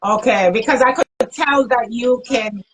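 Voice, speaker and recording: A woman's voice: on the high side, measured pace, fairly bright tone, poor audio. A woman hosting an interview on a video call, encouraging and promotional. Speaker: host. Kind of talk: interview host.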